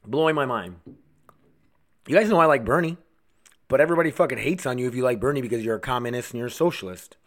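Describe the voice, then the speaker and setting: A man's voice: mid-range voice, fast, pauses often, fairly bright tone. A man hosting his own podcast from home, ranting bluntly and angrily with a lot of swearing. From United States. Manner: profane, blunt, goes off on rants. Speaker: podcast host. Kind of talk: angry ranting monologue.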